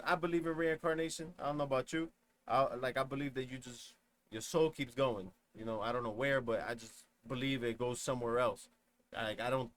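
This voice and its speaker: A man's voice: mid-range voice, fairly bright tone. A young man streaming a reaction, talking casually in slang and rambling through his thoughts. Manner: reflective, rambling, uses slang.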